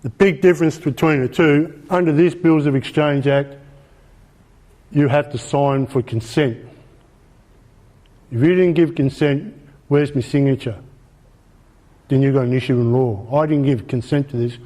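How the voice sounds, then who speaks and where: A man's voice: mid-range voice, moderate pace, dark tone. A man with an Australian accent giving an informal presentation, emphatic, repeating his points and asking rhetorical questions. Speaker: speaker.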